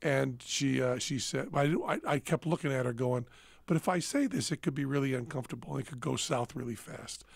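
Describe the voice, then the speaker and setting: Male podcast host, gravelly, dry close sound, self-deprecating storyteller. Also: medium pitch, steady tone, a little fast, few pauses, no echo. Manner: self-mocking storyteller acting out dialogue. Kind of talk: casual storytelling chat.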